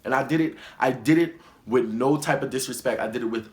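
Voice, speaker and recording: A man's voice: medium pitch, a little fast, roomy sound. A young man telling a story time vlog in an emphatic, indignant way, often repeating himself. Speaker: vlogger.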